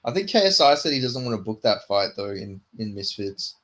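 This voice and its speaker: A man's voice: fairly low pitch, sing-song, brisk, a bit bright, a little hiss or hum. A man with a British accent co-hosting a casual podcast chat, easygoing and swearing freely. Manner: laid-back, sweary. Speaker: podcast co-host.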